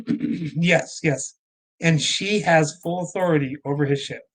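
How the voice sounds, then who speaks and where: A man who is a podcast guest, telling stories in casual chat with halting, rambling restarts. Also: on the high side.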